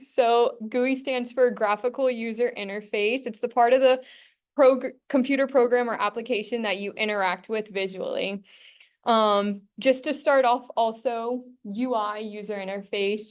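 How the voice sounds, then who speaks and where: Chatty young woman presenting to a class. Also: a little high. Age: young adult. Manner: casual, chatty, many fillers. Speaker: student presenter.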